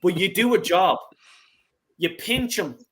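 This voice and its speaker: A man's voice: sits high, a little slow, a bit bright. A middle-aged Irish man on a football fan call-in show, ranting bluntly and passionately, swearing freely. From Ireland. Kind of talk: heated casual football chat.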